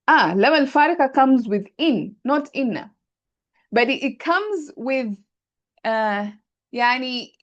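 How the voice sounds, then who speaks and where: Lady teaching grammar online, fairly high voice, keeps asking if it's clear. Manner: thinks aloud, checks students' understanding. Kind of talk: online class explanation. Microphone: video call.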